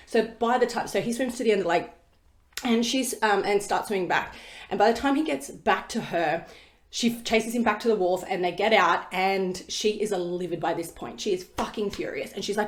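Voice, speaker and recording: A woman's voice: medium pitch, fairly quick. A woman hosting a solo podcast, talking bluntly and emphatically and swearing casually. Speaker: podcast host. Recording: roomy echo.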